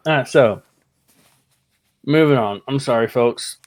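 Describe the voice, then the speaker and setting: A man hosting a casual fan podcast, talking in an excitable, rambling way and laughing easily. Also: mid-range voice, unhurried. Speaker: podcast host.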